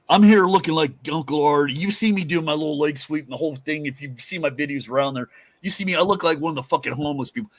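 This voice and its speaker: A man's voice: medium pitch, no echo. A man hosting a casual talk show, rambling and swearing with emphatic asides. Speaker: host. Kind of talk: casual chat.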